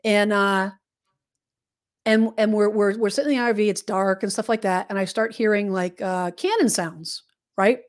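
A woman co-hosting a casual podcast, winding through a story with plenty of restarts and asides. Her voice sits at a middling pitch, and her conversational manner drifts loosely from one detail to the next. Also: steady tone, normal speed. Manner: rambling, meandering storytelling with many restarts. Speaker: podcast co-host.

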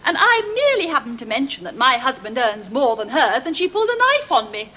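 An actress playing a snobbish, bickering housewife, indignant and boastful. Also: female voice, fairly high pitch, big pitch swings, quick pace, heavy background noise.

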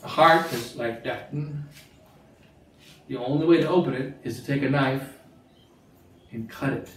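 Bishop teaching nuns; quizzes the room, repeats for emphasis; big echo, distant mic. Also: male voice, medium pitch, measured pace, a bit bright, a little hiss or hum. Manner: asks the listeners questions, repeats phrases for emphasis. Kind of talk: catechism talk to religious sisters. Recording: very echoey room, mic far off.

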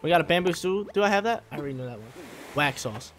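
Young male gaming host, slangy, animated, pitch all over the place, light music bed. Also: fast. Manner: excitable, slangy, bursts into loud yelps. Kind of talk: casual gameplay commentary. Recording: faint music under voice.

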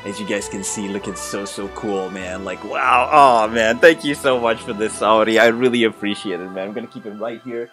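A man hosting an excited unboxing vlog, gushing and exclaiming, repeating his thanks again and again. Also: fairly low pitch, moderate pace, hardly any pauses, soft background music. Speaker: unboxing host.

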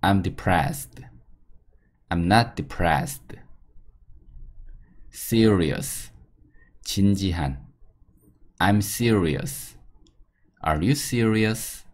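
A man teaching English vocabulary, reading each word with its meaning and short example sentences in a steady drill. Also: low-pitched, slow, pauses often. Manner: reads word, Korean gloss, then example sentences.

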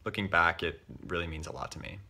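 Young man with a very bright voice. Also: sits low, fairly even intonation, fast. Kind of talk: spoken video greeting.

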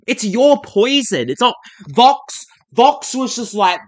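A man's voice: very high voice, very animated, slow. A man hosting a reaction video, swearing heavily and ranting in exasperated bursts. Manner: heavy swearing, exasperated rants. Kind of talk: casual reaction commentary.

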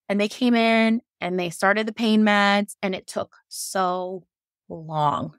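Woman, 30s, guest sharing a hard birth story; gravelly, frank, emotional, dry close sound. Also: mid-range voice, slow, no room sound. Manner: emotional, frank, swears, many fillers. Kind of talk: candid personal storytelling.

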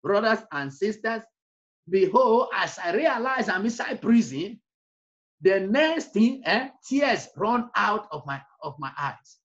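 A man's voice: high-pitched, animated, slow pace, a bit bright, lo-fi sound. A man preaching an emotional personal testimony, repeating phrases and breaking into song. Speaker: evangelist.

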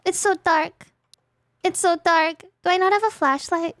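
A woman's voice: very high voice, moderate pace, creaky, fairly bright tone, dry recording. A woman streaming a game in a casual, playful way, chatting with her viewers and breaking into dramatic exclamations. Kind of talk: casual gaming livestream.

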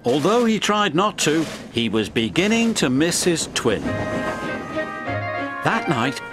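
Lively man narrating a storybook. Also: on the high side, slow pace. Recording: music playing under the voice.

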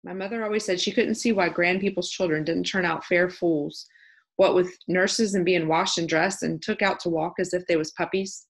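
A woman's voice: fairly low pitch, steady tone, normal speed, breathy edge. A woman voicing a cheerful, plain-spoken young housemaid with a broad Yorkshire accent in an audiobook. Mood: stout. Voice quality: homely dialect, stout and plain-spoken. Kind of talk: audiobook character voice.

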